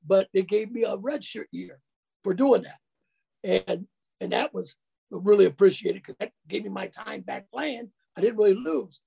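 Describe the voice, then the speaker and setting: A man's voice: high voice, normal speed, creaky, a little mellow, slightly rough. A man who once played college football, recalling his past in a casual interview, folksy and colloquial. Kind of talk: casual storytelling.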